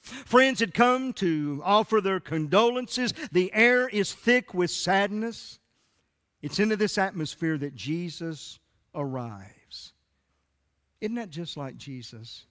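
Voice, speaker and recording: A man preaching a sermon as pastor, with emphatic rising peaks and drawn-out soft endings, streamed from a church sanctuary. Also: high voice, expressive. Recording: church live stream with long hall reverb.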